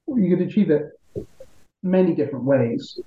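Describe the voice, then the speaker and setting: A male member of parliament answers interview questions in a measured but argumentative way, animated and on the high side, often tossing in "right?" to check in. The audio is narrow and tinny, with an echoey room.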